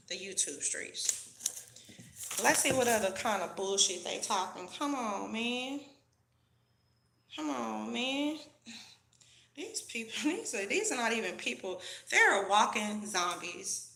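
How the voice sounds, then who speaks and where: A woman's voice: medium pitch, sharp tone, echoey room. A woman vlogger delivering a profane, preachy, heated rant straight to her camera. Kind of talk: ranting commentary to camera.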